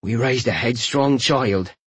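A man voicing a wry, patient father in an audiobook, speaking in a low-key way. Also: expressive, moderate pace, breathy edge, dry recording.

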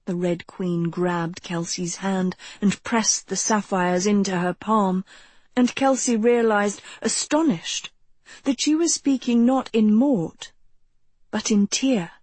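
A woman narrating a story in a measured, expressive reading. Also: mid-range voice, breathy edge, no echo. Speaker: audiobook narrator. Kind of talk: scripted narration.

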